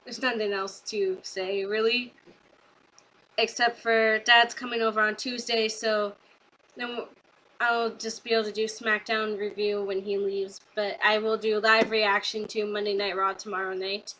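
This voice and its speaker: Bright-voiced young woman gushing excitedly. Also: mid-range voice, measured pace, slight background noise, low-quality recording. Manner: gushing, rambling with many fillers. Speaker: wrestling fan vlogger. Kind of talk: casual excited review.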